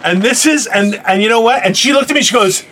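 A middle-aged man hosting a casual chat, telling stories in an animated, profane way. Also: high-pitched, quick pace. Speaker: podcast host.

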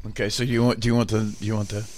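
A man co-hosting a comedy podcast, making dry, deadpan quips in casual banter. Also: on the low side, quick pace, heavy background noise. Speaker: podcast co-host.

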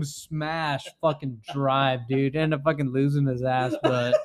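A man's voice: mid-range voice, little pitch movement, a little slow, background noise. A young man hosting a podcast, telling a rambling, profane story with frequent laughs. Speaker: podcast host. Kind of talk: casual storytelling chat.

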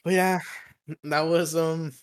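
A young man co-hosts a podcast in casual chat, his voice sitting a little higher than most men's. He tells a long story, swears often and laughs along the way. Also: slow pace, smooth. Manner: animated, profane, laughs through the story. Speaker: podcast co-host.

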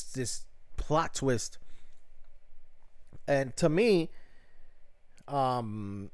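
Man ranting casually, smooth dry voice. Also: mid-range voice, no echo. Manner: casual, profane, many fillers and restarts. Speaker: show reviewer. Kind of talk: casual TV review rant.

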